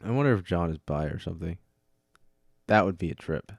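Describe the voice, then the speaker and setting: Sleepy low-voiced man rambling on a podcast. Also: expressive, brisk, dry recording, studio quality. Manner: rambling, self-deprecating, laughs at own jokes. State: sleepy, yawning. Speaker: podcast host. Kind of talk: casual solo podcast talk. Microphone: studio mic with audio interface.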